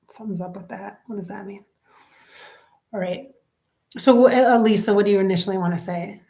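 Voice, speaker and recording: Chatty woman medium with soft whispered asides. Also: mid-range voice, gravelly. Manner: chatty, addresses viewers directly, drifts into soft near-whispered asides. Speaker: psychic medium. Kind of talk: casual spoken reading on camera.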